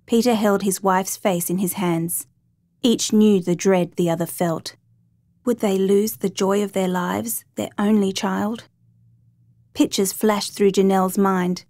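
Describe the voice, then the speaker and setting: A woman narrating a true rescue story in a measured, dramatic reading. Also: mid-range voice, steady tone, mellow, dry recording.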